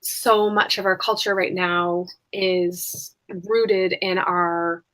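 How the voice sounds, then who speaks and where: A woman's voice: on the low side, fairly even intonation, takes it slowly, fairly bright tone. A woman hosting a conversational podcast, reflective and talking with many filler words. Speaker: podcast host.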